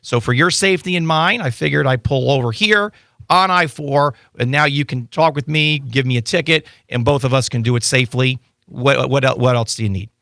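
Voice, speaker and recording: A man appearing as an attorney guest, chatting casually in a radio studio and telling animated stories with lots of restarts. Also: mid-range voice, fairly quick, creaky, no echo. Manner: animated storytelling with frequent restarts. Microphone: studio microphone.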